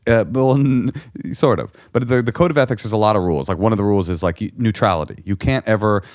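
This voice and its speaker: A comedian guest tells a comic story in casual chat, his fairly low voice moving fast as he animatedly acts out the people in it, including shouting characters. The recording is clean studio quality with no echo.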